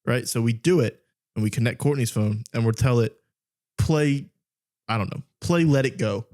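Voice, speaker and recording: A man's voice: medium pitch, normal speed, darkish tone. A young man co-hosting a podcast, telling stories in casual chat, often laughing and mimicking a voice assistant. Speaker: podcast co-host.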